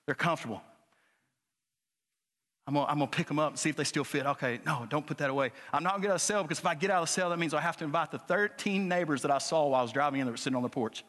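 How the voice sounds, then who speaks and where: A man preaching a sermon as pastor, moving from quiet, low talk to loud, high-pitched exhortation. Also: racing. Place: church sanctuary. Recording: church hall reverb.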